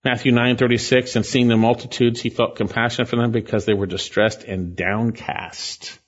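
A man preaching a sermon, earnest and emphatic, slowing down to stress phrases and pleading with listeners. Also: lowish voice, highs cut off.

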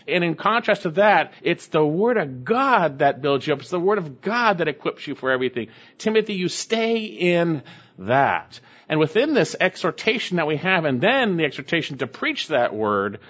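A male pastor delivering a sermon, reading scripture slowly and then explaining it with emphatic asides. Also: on the high side, fairly bright tone, dull audio.

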